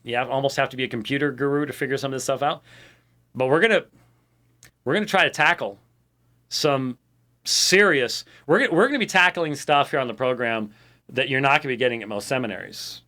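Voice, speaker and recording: The host, an American man on a ministry program, speaks briskly in a medium-pitched, bright and forceful voice. He addresses his audience in a loose, rambling monologue with frequent fillers and restarts.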